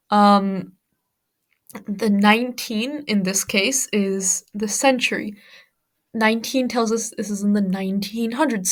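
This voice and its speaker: An American woman teaching English as a second language. She explains patiently, one step at a time, and walks through examples. Her voice sits at an ordinary middle pitch. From United States. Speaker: ESL teacher.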